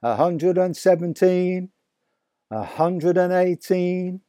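A man reading aloud, voicing an excitable father in a children's storybook who exclaims in wonder. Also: high-pitched, takes it slowly, dry recording, clean studio sound, pitched above the performer's own voice. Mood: awed. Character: excitable delighted adult father.

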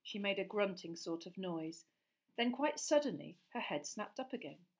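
Casting: woman narrator, mid-pitched, measured and expressive for an audiobook. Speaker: audiobook reader.

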